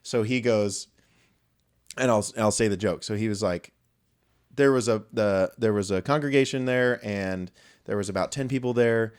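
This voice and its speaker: A man's voice: fairly low pitch, moderate pace, darkish tone, smooth. Rambling, foul-mouthed man telling stories. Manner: rambling storyteller, swears freely, jokey asides. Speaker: podcast co-host. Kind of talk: casual podcast chat.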